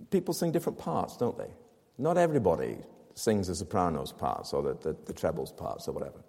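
A man's voice: fairly low pitch, mellow, breathy edge, big-room sound. A man preaching a sermon to his congregation, explaining a scripture passage with rhetorical questions and emphatic repetition. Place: church.

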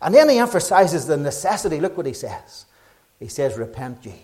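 A middle-aged Northern Irish man delivers a gospel sermon with a slightly raised pitch. He presses each point with urgency, climbing loud and then sinking to a hush. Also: very animated, a little fast. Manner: fervent, urgent preaching with rises and quiet drops. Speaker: preacher.

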